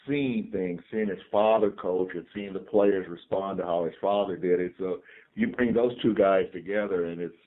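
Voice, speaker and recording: A man in his sixties from California, a team chaplain calmly telling stories from his life as a podcast guest. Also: deep voice. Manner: calm, reflective storyteller. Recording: tinny phone-like remote line.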